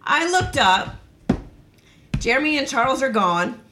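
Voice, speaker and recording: A woman's voice: high voice, very animated, a little slow, noisy background. A woman, a school teacher, telling a story in casual chat, laughing, swearing and acting out the quotes. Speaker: podcast guest, school teacher.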